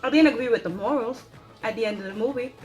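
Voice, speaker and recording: A woman giving an excited, dramatic spoken movie review, stressing points with repeated rhetorical questions. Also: fairly high pitch, fast, soft background music. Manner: dramatic, emphatic, repeats "okay?" for emphasis.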